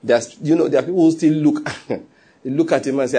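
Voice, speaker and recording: Husky pastor preaching. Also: male voice, mid-range voice, fairly quick. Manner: animated storytelling, laughs often, acts out quotes. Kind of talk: sermon.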